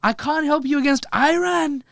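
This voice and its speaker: A man putting on a blustering, brash older male politician in a high, shouting caricature voice. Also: normal speed, gravelly, no room sound, clean studio sound, exaggerated voice.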